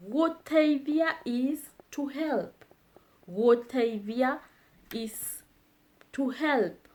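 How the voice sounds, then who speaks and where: Slow-paced woman teaching phrases. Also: high-pitched, animated. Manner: slow, repeats phrases for learners. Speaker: language teacher. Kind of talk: slow language lesson.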